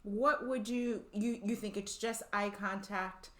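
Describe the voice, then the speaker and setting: A woman's voice: medium pitch, fairly even intonation, a little slow, a bit bright. A woman co-hosting a casual podcast chat, thoughtful and agreeable, often restarting her sentences. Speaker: podcast co-host.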